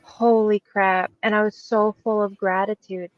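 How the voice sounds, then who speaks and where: Woman guest, mid-pitch, earnest and reflective, on dry, slightly muffled audio. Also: little pitch movement, unhurried, dry recording. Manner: earnest and reflective, quoting herself. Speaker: podcast guest. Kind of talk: casual interview chat.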